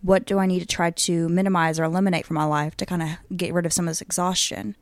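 A woman's voice: on the low side, little pitch movement, quick pace, dry recording, clean studio sound. A young woman co-hosting a casual podcast, chatty and upbeat, often breaking into laughter. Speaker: podcast co-host. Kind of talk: casual chat.

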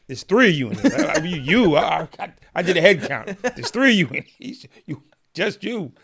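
A middle-aged man with a gravelly, textured voice tells stories at a quick clip. His pitch jumps around a lot as he acts out the people in his stories, and he talks like someone recounting things in easy conversation. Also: very animated, a bit bright. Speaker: guest, former prisoner turned reform speaker. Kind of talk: animated storytelling in conversation.

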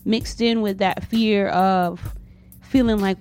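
A woman's voice: mid-range voice, fairly even intonation, slow pace, a little mellow, soft background music. A woman hosting a casual interview, talking in a supportive, reassuring way over a remote call. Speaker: host. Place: home in a city, remote call.

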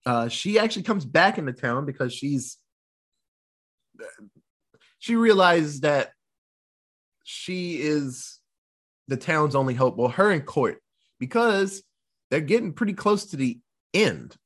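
Animated husky-voiced man recapping a movie. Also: fairly high pitch. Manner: animated storytelling, quick voice switches for characters, laughs often. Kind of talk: casual movie recap chat.

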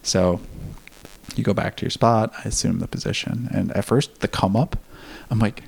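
A man with a somewhat low voice and a gravelly, fry-edged texture tells a personal story in a relaxed, candid way. He laughs now and then and swears freely as he talks. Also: measured pace. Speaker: podcast guest. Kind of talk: casual storytelling.

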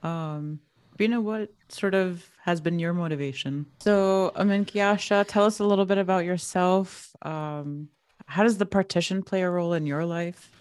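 A woman's voice: lowish voice, fairly even intonation, moderate pace, darkish tone, clear, resonant tone, no room sound. A woman hosting a casual panel conversation, speaking reflectively and putting questions to her guests.

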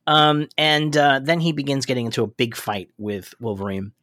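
A man's voice: medium pitch, moderate pace, no room sound, clean studio sound. A man co-hosting a podcast, chatting casually and profanely as he recaps a cartoon, laughing often. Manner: laughs a lot, profane, excitable. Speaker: podcast co-host.

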